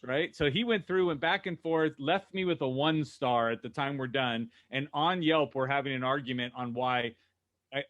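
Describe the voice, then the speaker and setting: A man co-hosting a podcast, telling lively anecdotes and acting out what people said. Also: medium pitch, normal speed, lo-fi sound. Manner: animated anecdotes, acting out quotes. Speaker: co-host. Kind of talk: casual podcast storytelling.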